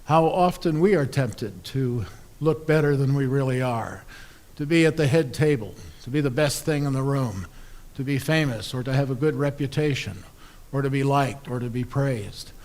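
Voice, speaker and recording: A man's voice: medium pitch, normal speed, a little mellow. A man, an Episcopal priest, preaching a sermon in a conversational, wry storytelling way.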